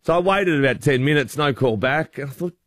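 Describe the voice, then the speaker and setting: A man's voice: on the high side, lively intonation, brisk, a bit bright, no echo. A man hosting breakfast radio, telling a story in a chatty, self-mocking way into a studio microphone. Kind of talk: casual on-air banter and storytelling.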